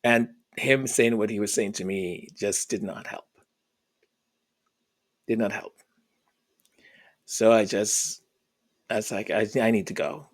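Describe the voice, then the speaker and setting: A man telling a personal story, halting and repeating words in an earnest way. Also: fairly low pitch, fairly even intonation.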